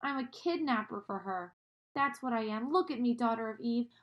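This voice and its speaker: A guilty, tearful male faun who talks through sobs and groans, as a woman reading aloud puts him on. His voice sits a little high and sounds heavy with sorrow. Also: expressive, moderate pace, dull audio, close to an everyday voice. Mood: sorrowful. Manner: sobbing, sorrowful.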